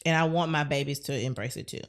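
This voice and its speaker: A woman in her thirties with a fairly low voice, chatting freely as a podcast guest. She talks in an animated way and voices her own inner thoughts as she goes. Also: fast talker, a crowd in the background. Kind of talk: casual chat.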